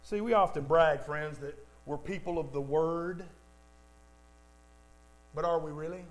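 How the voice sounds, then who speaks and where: A man's voice: a little high, a little slow, poor audio. A man preaching a sermon, emphatic, repeating lines for stress and speaking straight to the congregation. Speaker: pastor.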